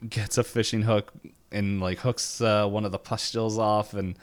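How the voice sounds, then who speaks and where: A man co-hosting a podcast, casually retelling a cartoon episode in a rambling way with quick acted quotes. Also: lowish voice, level tone. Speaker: podcast co-host.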